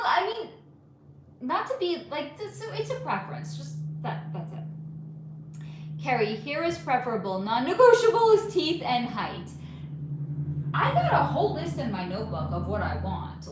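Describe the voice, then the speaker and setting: Woman host, casual livestream from home, blunt and animated, higher voice, echoey room. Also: moderate pace. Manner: candid, swearing, animated, answers chat questions. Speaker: livestream host reading chat. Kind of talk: casual live-stream chat. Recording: roomy echo with faint ambient noise.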